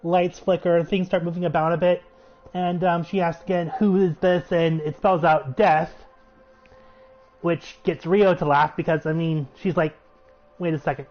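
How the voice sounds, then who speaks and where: A man giving a chatty, excitable recap of a show episode. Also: fairly high pitch, measured pace. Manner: chatty, excitable, laughs while retelling. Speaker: show reviewer. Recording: muffled recording with faint music.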